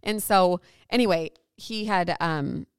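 A woman's voice: on the low side, slow, clear, resonant tone, no echo, studio quality. A young woman co-hosting a podcast, telling a long story in casual chat, rambling with lots of "like". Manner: rambling storytelling with many likes. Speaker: podcast co-host.

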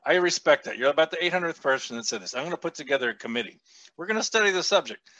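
A man hosting a casual podcast, profane and animated, who laughs often and acts out the people he quotes. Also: fairly high pitch, rapid-fire, no echo. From a big US city. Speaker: podcast host.

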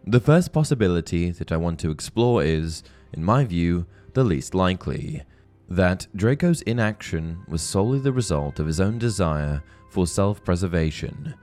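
A man hosting a book-theory channel, giving scripted narration and reading with clear, measured storytelling and expressive emphasis. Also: low-pitched, soft background music.

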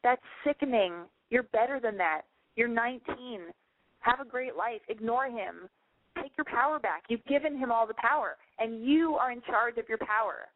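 A woman hosts a call-in advice show, ranting bluntly and swearing freely. Her voice sits a little high. It comes through a narrow, dry, phone-like line. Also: normal speed, no room sound. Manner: blunt and swearing, ranting, mimics callers with squeals. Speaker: radio call-in advice host.

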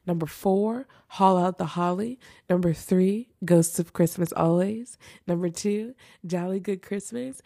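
A woman's voice: on the low side, moderate pace, few pauses, dark tone, no room sound, studio quality. A young woman hosting a casual chat show, gushing over favorites and repeating phrases for emphasis. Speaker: host ranking holiday movies.

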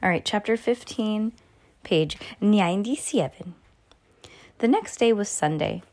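A woman's voice: medium pitch, animated, a little slow, darkish tone. A woman reading a children's chapter book aloud at home, breaking off to comment and joke. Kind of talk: casual storytime read-aloud.

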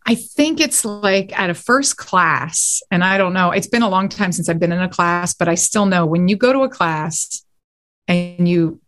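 A woman, a guest actor and writer, telling stories in a casual podcast interview in animated, quick bursts. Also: mid-range voice.

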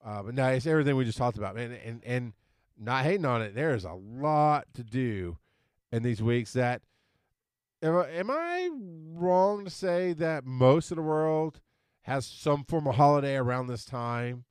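Man, middle-aged, podcast co-host, rambling, smooth clear voice, dry. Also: mid-range voice, normal speed, no room sound. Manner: rambling, stumbles over words, animated when amused. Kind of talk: casual chat.

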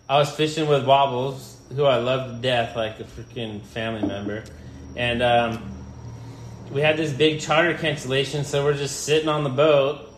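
A man, a deckhand and podcast host, telling a fishing story in relaxed, rambling chat with many fillers. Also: mid-range voice, a little hiss or hum. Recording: echoey room.

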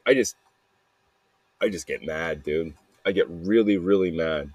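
A man's voice: deep voice, unhurried, a little mellow, breathy edge, dry recording. A man talking in a casual, rambling confessional monologue, repeating himself and tossing in "man" and "dude" with plenty of swearing. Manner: rambling and repetitive, peppered with "man" and "dude", profane. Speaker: podcaster sending a voice message.

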